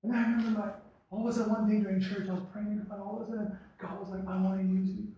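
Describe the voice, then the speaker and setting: A young man from Korea preaching a passionate sermon as a youth pastor, moving between quiet confession and shouted exhortation. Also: high voice, level tone, racing, lo-fi sound. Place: church sanctuary. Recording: very echoey hall with loud music behind.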